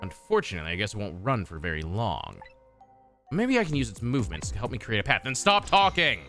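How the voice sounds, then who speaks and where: Man streaming, gravelly, bright tone, lively pitch, rambling, swears, faint music. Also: fast. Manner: rambling, swears, many fillers. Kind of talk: casual game stream chat.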